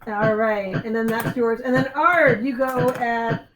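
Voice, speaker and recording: Heavy background noise from a loud convention crowd surrounds a woman running a tabletop game live on stage. Her fairly high voice moves a little slowly as she animatedly acts out the combat and works through the rules with ums.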